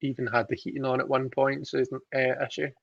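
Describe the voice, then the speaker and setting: A man's voice: medium pitch, flat delivery, fairly quick, creaky, fairly bright tone, no echo, muffled recording. A man hosting a livestream, chatting casually, reading out viewer comments with giggly, self-deprecating asides. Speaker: livestream host reading tarot.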